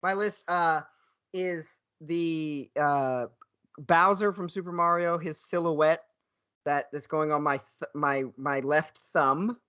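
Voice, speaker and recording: Casual podcast co-host, man in his thirties, joky and upbeat, slightly higher voice, muffled lo-fi sound. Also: takes it slowly, sharp tone, clean tone. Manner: laughs often, jokey, puts on a booming game-show voice at times. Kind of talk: casual chat.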